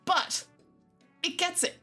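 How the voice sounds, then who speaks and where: A young woman streamer chatting casually to her live audience with an exaggerated, expressive delivery, swearing freely and laughing often. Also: slow pace, faint music behind.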